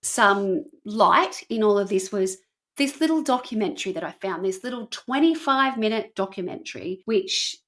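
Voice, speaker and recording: A woman co-hosting a podcast, earnestly retelling a documentary in casual chat, speeding up for asides and slowing down for emphasis. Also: medium pitch, lively intonation, a bit bright. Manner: earnest, shifting between quick asides and slow emphasis. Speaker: podcast co-host.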